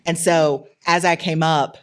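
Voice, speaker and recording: A woman guest on a podcast interview, telling lively, jokey stories and poking fun at herself. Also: sits low, measured pace. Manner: lively, jokey, self-mocking, acts out quotes. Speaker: entrepreneur guest. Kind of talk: animated storytelling in a podcast interview.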